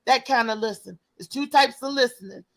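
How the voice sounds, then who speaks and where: Talk host, female, gravelly voice, loose repetitive chatty delivery. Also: on the high side, a little fast, rough recording. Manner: lively, repeats words when starting. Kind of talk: casual call-in chat.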